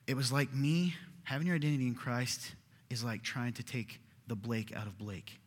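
A man's voice: medium pitch, steady tone, moderate pace. A man in his thirties preaching a sermon as pastor, in a conversational way, often checking in with "right?". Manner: conversational, keeps asking "right?". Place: church hall. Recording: echoey hall.

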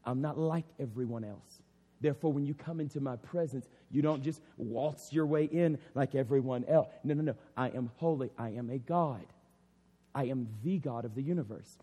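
A man's voice: medium pitch, moderate pace, warm tone, slightly rough. A man preaching an impassioned sermon as a pastor, circling back with "I mean" and "literally". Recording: long hall reverb.

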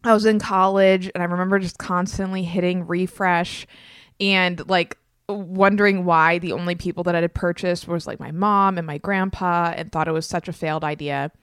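A woman in her thirties with a slight lisp chats upbeat and loose as a podcast host, her voice pitched a little low. The sound is close and dry, with no room around it. She talks casually and fills gaps with "like". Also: fairly even intonation, moderate pace, clean tone, no room sound. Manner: upbeat and chatty, many "like" fillers. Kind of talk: casual solo podcast talk.

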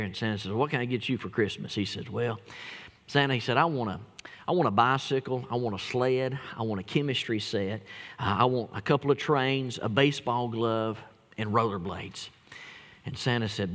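A man's voice: lowish voice, moderate pace, a bit bright, long reverb tail. A man preaching a sermon as pastor, telling folksy jokes and stories with emphatic delivery. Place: church.

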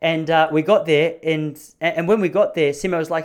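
Animated man in his thirties. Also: a little fast, few pauses. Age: 30s. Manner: animated, self-mocking, pitch jumping up for emphasis. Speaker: podcast host. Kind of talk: casual comedic storytelling.

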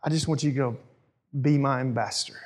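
A man voicing Jesus in a sermon retelling, speaking softly and low. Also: fairly even intonation, quick pace, natural voice. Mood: gentle. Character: calm male Jesus speaking gently.

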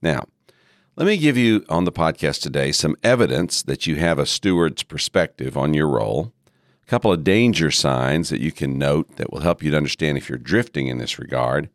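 Man with a low gravelly allergy voice teaching on his podcast, steady and emphatic, super dry sound. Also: no echo. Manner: measured, emphatic, repeats key phrases slowly. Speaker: podcast host and seminary president. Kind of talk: scripted ministry teaching podcast.

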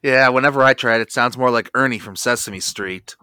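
Podcast guy listing off facts, kinda crisp and bright, dry mic. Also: mid-range voice, fairly quick, dry recording. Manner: informative, lists facts and credits. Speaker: podcast co-host. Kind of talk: casual podcast chat.

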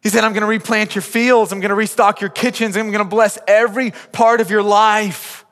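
A pastor preaches a sermon in a large church auditorium, his voice sitting high with little pitch movement, fairly quick and fairly bright. He is earnest and pleading, often repeating words as he builds a point. Long hall reverb from the sanctuary surrounds him.

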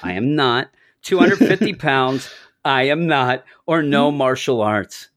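Male podcast co-host, lively swooping delivery, dry close mic. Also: measured pace, dry recording. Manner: animated, jokey, acts out quotes with big pitch swings. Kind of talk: casual comic book podcast chat.

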